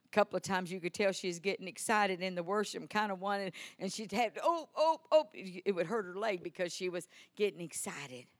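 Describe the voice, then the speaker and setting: A woman preaching a healing sermon in a church service, impassioned and swinging from loud proclamations to soft asides. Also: on the low side, fairly quick, hardly any pauses, dry recording, studio quality.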